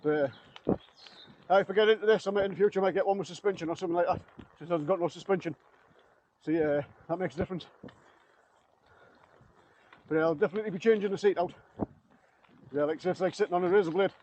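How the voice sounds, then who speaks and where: Breathless fast-talking man outdoors. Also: high-pitched, a little mellow. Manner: chatty, rambling, plain-spoken. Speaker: vlogger. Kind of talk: casual outdoor vlog. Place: outdoors on a bike ride. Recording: dull lo-fi sound with faint outdoor noise.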